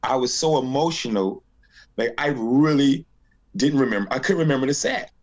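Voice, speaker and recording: A man with a mid-range voice talks at a normal pace, telling a story as a guest comedian in a laid-back interview. Hailing from North Carolina, he animatedly impersonates the people in his story.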